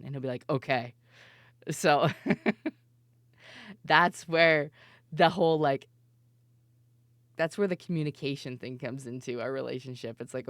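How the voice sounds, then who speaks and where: Low-voiced, giggly woman streamer. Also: moderate pace, long pauses, no echo. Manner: giggly, rambling, mimics voices in anecdotes. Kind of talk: casual stream chat.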